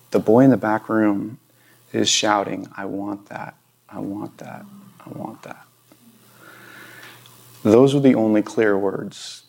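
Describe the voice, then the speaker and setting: A middle-aged male pastor preaching in a church, his voice low-pitched and gravelly. He tells stories conversationally, swinging from loud emphatic bursts to hushed, whispered pleas. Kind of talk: sermon. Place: church sanctuary.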